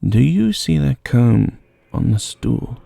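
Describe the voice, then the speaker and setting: A man voicing a thin, hungry black cat in a fairy tale, calmly giving step-by-step instructions. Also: medium pitch, slow, creaky, slight background noise, heavily acted. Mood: advising.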